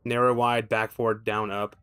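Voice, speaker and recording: A man's voice: lowish voice, flat delivery, normal speed, a bit bright, clear, resonant tone. A man streaming a game, thinking aloud with casual commentary that rambles, swears freely and slips in wry, self-mocking asides.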